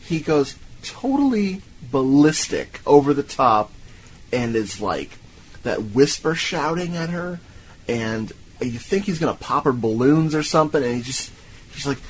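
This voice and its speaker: A man co-hosts a casual film podcast, retelling scenes with animated, profane energy and frequent laughter. His pitch sits in a middle range, with a faint hiss behind the voice. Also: unhurried, rough recording. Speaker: podcast co-host. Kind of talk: casual film-review chat.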